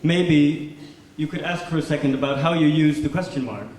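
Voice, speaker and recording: A man's voice: a little high, normal speed, darkish tone. A man giving a performative lecture made entirely of questions, his intonation rising at each one. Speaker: performance speaker. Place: large lecture hall. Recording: echoey hall from far off, faint noise.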